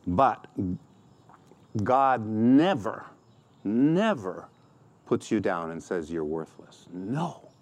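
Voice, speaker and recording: A man's voice: fairly low pitch, big pitch swings, drawn-out words, pauses often. A middle-aged man preaching a sermon as pastor, acting out quoted complaints in a raised voice.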